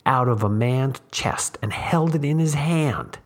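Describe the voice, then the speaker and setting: A man's voice: medium pitch, a little slow, pitched above the performer's own voice, natural voice. A man voicing a scheming young one-armed drifter with a firm, nasal drawl and a solemn, preachy way of talking.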